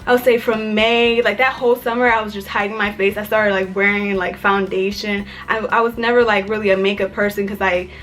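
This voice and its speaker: Speaking a little fast with hardly any pauses, this young Maryland vlogger keeps a mid-range voice and level tone. She chats through a personal story, leaning heavily on "like," over faint background music.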